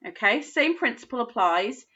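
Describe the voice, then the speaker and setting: A woman teaching a recorded phonics lesson to young children, slowly sounding out each word in a patient, encouraging way. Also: on the high side, animated, pushed and bright, husky, dull audio. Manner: slow, patient, sounding out words. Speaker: primary school teacher.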